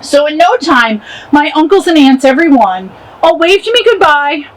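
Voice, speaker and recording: A woman reading a rhyming picture book aloud in an expressive way. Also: sits high, normal speed, poor audio. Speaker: storybook reader.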